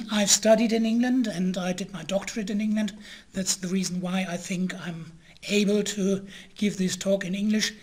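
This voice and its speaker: Hesitant male history lecturer. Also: high voice. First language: German. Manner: hesitant, many pauses and filler sounds; occasionally clears his throat.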